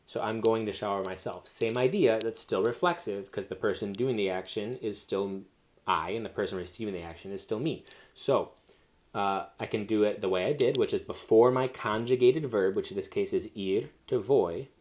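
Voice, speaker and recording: Male teacher, lowish voice, walks learners through grammar step by step, casual and unscripted. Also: moderate pace, darkish tone. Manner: explains step by step with fillers and self-corrections. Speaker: Spanish teacher. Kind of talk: recorded classroom lesson.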